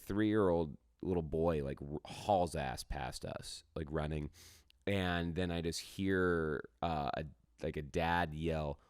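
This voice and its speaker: A man with a very low, smooth, resonant voice co-hosts a podcast in loose casual chat. He rambles through long tangents and drops swear words freely. The sound is dry and close to the mic. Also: no echo. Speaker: podcast co-host.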